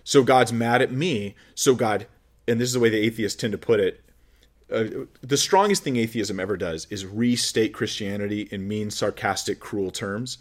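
A man's voice: fairly low pitch, normal speed. Conversational male pastor preaching. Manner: conversational, joking asides, acts out quoted voices. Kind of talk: sermon.

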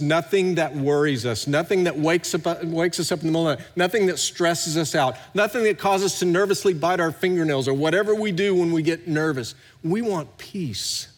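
A middle-aged pastor delivers a sermon in a fairly high male voice, moving between hushed passages and loud ones. It was recorded in a large church hall with a long reverb trailing off the walls.

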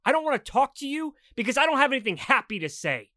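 A man's voice: very high-pitched, sing-song, quick pace, pushed and bright, no room sound, clean studio sound, pitched above the performer's own voice, heavily acted. A man doing a bitter, ranting young airman. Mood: furious. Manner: angry ranting, swearing. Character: bitter young male airman, furious and miserable. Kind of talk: audiobook dialogue.

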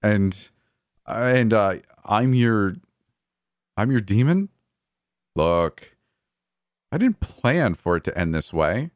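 A man's voice: low voice, big pitch swings, slow pace, long pauses, no echo, studio quality, exaggerated voice. A man voicing a cold, gleeful, murderous adult brother in a horror story, with a taunting, sneering delivery. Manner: taunting, sneering, coldly cheerful.

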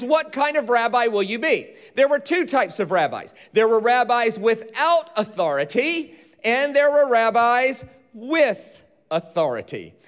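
A man preaching a sermon, teaching with animated delivery and leading the congregation in call-and-response. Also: extremely high pitch. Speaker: pastor. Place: church auditorium.

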